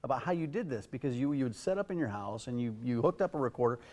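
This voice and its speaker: A man's voice: medium pitch, lively intonation, fast, a little mellow. A man co-hosting a morning TV talk show, asking the guest questions in an upbeat way. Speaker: co-host. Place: TV studio.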